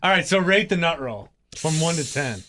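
A man leads a casual taste test, running through the snacks one after another in an upbeat voice. His voice sits a little high and sounds bright and forward. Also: lively intonation, moderate pace. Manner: upbeat, presents each snack like a list. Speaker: host of a snack review. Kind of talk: casual chat.

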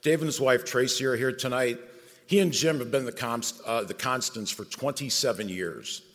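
A man's voice: mid-range voice, moderate pace. Man, ceremony emcee, plain delivery, long hall reverb. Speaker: emcee introducing speakers. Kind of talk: ceremony introduction.

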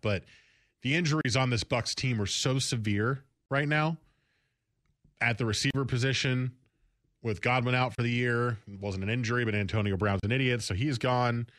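A man's voice: mid-range voice, a bit bright, no room sound. Chatty male sports radio host, dry studio sound. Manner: conversational, quick, self-correcting. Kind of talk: casual sports talk radio.

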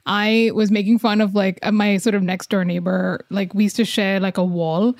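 A woman's voice: medium pitch, fairly even intonation, moderate pace, a little mellow, dry recording, clean studio sound. A woman, hosting a casual podcast chat and often laughing as she tells stories. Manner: chatty, laughs often, acts out quoted voices. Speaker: podcast host.

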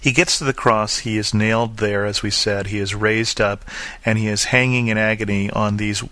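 A man preaching a sermon, reading scripture and then explaining it earnestly, slowing down to stress the key lines. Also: lowish voice, fairly even intonation, sharp tone, no echo. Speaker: pastor.

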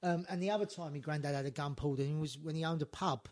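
A man telling lively stories in casual chat, acting out quotes, swearing and laughing. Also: a little high, quick pace. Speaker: podcast guest storyteller.

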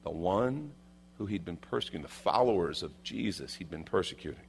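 A male pastor preaching a sermon, emphatic and repeating his key lines, swinging from loud declarations to hushed asides. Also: low voice, animated, brisk, gravelly, a little hiss or hum.

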